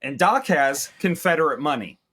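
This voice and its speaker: Man, podcast co-host, slightly high, very lively, crude sarcasm. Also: moderate pace. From United States. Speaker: movie review podcast co-host. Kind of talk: casual chat.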